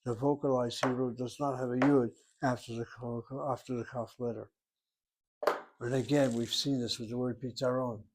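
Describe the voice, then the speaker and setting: A man's voice: mid-range voice, steady tone, normal speed, noisy background. A man teaching a Hebrew grammar lesson, methodical and repetitive, explaining each rule step by step. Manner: methodical, repeats key terms, explains step by step.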